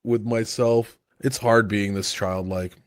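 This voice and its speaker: A man's voice: on the low side, fairly even intonation, measured pace, no echo, clean studio sound. A man co-hosting a podcast, joking and swearing casually about an anime episode and mocking himself. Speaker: podcast co-host.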